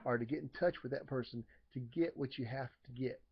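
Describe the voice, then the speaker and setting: A man's voice: medium pitch, brisk, breathy edge. Casual rambling male lay preacher, lo-fi. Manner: rambling, many fillers and restarts, acts out voices loudly. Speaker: lay preacher sharing a Bible story. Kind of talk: casual informal sermon.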